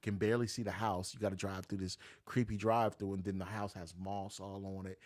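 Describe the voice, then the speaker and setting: A man with a somewhat low voice tells stories casually as an interview guest. He talks with energy and switches his pitch sharply when he imitates the people in his stories. His tone is relaxed and conversational. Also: a little fast. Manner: animated, acts out quoted voices with big pitch jumps. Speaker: notary business owner, guest.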